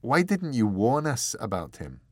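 A man's voice: medium pitch, very animated, unhurried, darkish tone, no room sound, studio quality, pitched above the performer's own voice. A man voicing an exasperated young man in an audiobook, talking emphatically and pressing with questions. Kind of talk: audiobook character voice.

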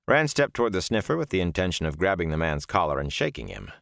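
A man narrating an audiobook chapter in an expressive storytelling manner. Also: low voice, fast talker, gravelly, few pauses, dry recording, studio quality. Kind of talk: scripted narration.

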